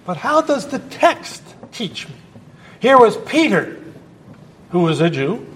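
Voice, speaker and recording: A man's voice: sits high, very animated, slow, fairly bright tone, slight background noise. A male pastor preaching a sermon at a church service in a conversational, emphatic way, with asides to the congregation.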